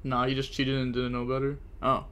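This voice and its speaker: A man's voice: medium pitch, completely flat delivery, brisk, fairly bright tone, clean tone. A young man streaming a card game, talking to his chat as he plays and getting frustrated with his own mistakes. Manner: frustrated, self-critical, talks to chat. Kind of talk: live card game commentary.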